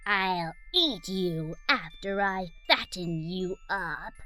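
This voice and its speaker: A woman voicing a scary, greedy old witch in a children's storybook, drawing out her words slowly and menacingly. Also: lowish voice, expressive, loud music behind the voice, voice pushed down. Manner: slow, drawn-out menacing delivery.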